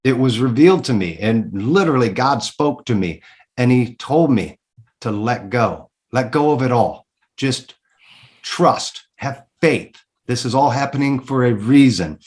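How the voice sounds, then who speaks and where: A man's voice: medium pitch, lively intonation, a little slow, a little mellow. A man, a guest in a casual interview, telling his story candidly and emphatically, swearing freely and repeating words when he gets worked up.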